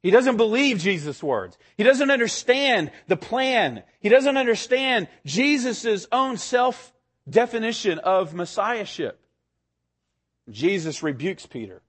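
A male pastor delivering a sermon, with a voice pitched a little high for a man. He is expressive, speeding up and slowing down and lifting his pitch to stress key ideas. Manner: expressive, varies pitch and pace for emphasis.

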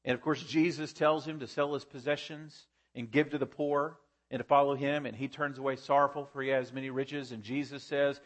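A man's voice: fairly high pitch, steady tone, brisk, a bit bright. A man preaching a sermon, teaching the congregation with rhetorical questions and emphatic rises and drops in his voice. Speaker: pastor.

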